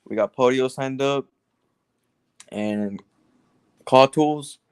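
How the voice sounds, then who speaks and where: Guy explaining what happened, goes on and on, normal pitch, dry sound. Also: slow pace, clean tone, dry recording. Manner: tells a story at length with restarts. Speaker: caller seeking advice. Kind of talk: casual conversation.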